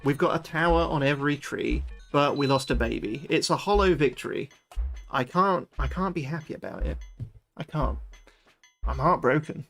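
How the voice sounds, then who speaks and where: Gravelly British streamer, swearing freely. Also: male voice, a little high, normal speed, faint music behind. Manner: chatty, excitable, swears freely. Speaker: livestreamer. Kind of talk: live gameplay commentary chatting with viewers.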